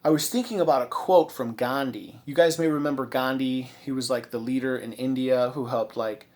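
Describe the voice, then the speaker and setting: A man's voice: mid-range voice, moderate pace, a little mellow. Rambling, indignant man ranting. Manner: rambling, with many fillers and restarts. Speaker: vlogger. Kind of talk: casual commentary monologue.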